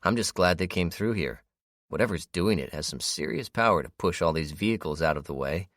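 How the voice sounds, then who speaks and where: A man's voice: low-pitched, animated, a little fast, a bit bright, no room sound, clean studio sound. A man reading an audiobook, voicing an easygoing, matter-of-fact brother.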